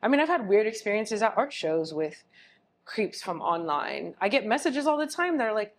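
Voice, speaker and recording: A woman from Phoenix, Arizona, a guest artist in a casual interview, telling animated stories and acting out what men said to her. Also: mid-range voice, moderate pace, a little hiss or hum. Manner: animated storytelling, acts out quoted men, laughs often.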